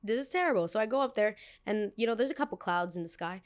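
Animated young woman, telling a story. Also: fast talker. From United States, New York. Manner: animated storyteller who acts out quoted people with jumps in pitch and loudness. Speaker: podcast host. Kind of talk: storytime chat.

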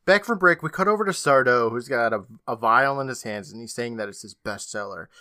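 A man's voice: medium pitch, bright, forceful tone, no echo, studio quality. A man co-hosting a podcast, casually recapping an episode and laughing often as he quotes the characters. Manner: retells scenes with quick put-on quotes, laughs often. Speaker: podcast co-host.

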